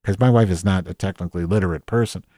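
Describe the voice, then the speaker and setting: A man with a low, warm voice talks fast over clean, echo-free studio sound. He's a podcast host playing Madge, an ill-tempered office worker with a dirty mouth, improvising a comedy monologue that rambles, swears, pokes fun at himself and restarts a lot.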